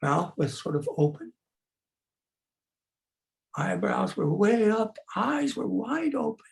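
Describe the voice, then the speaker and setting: A man's voice: sits high, very animated, takes it slowly, creaky. An older man leading a group through playful clown-face exercises, coaxing them and demonstrating sighs and growls over a video call. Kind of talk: instructional talk with face exercises.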